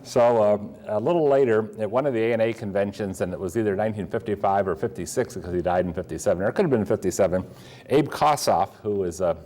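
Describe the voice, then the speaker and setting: A man's voice: lowish voice, quick pace, dark tone. An older man from Pennsylvania, a coin dealer telling rambling stories with many fillers and restarts. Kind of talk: storytelling talk.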